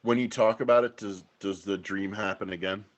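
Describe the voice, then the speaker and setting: A man's voice: lowish voice, steady tone, a little fast. A man hosting a podcast, asking short curious follow-up questions. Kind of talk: interviewing.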